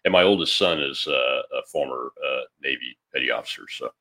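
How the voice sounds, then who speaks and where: Very deep-voiced folksy male host. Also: sharp tone. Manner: folksy, halting advice full of fillers. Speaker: show host. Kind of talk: casual call-in talk.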